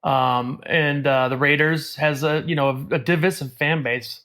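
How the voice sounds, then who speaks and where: A man's voice: fairly high pitch, fairly even intonation, normal speed, sharp tone. A man co-hosting a casual talk podcast who works as an airport bartender. He gives blunt personal opinions and laughs easily. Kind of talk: casual chat.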